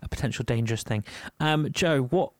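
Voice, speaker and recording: A man's voice: medium pitch, a little fast, clean tone, no echo. A man with a Yorkshire accent co-hosting a music podcast in casual chat, full of ums and little laughs. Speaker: podcast co-host.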